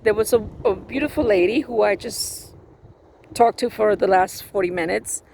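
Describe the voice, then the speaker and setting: A woman telling a personal story in a blunt, sassy, animated way. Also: mid-range voice, moderate pace, creaky, a little hiss or hum. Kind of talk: casual storytelling.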